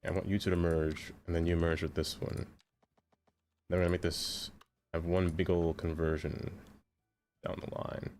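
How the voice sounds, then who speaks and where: A man chatting casually on a live game stream, playful and quick to laugh. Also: low voice, level tone, darkish tone, a little hiss or hum. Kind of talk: casual live-stream chat while gaming.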